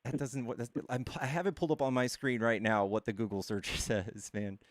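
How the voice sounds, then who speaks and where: A man arguing his point on a live stream, breaking in over the other speaker and often leaving sentences unfinished. His voice sits at an ordinary pitch, and it is recorded close and dry with no room echo. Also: steady tone. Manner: argumentative, quick to interrupt, trails off mid-sentence. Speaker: streamer debating callers. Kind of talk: casual debate.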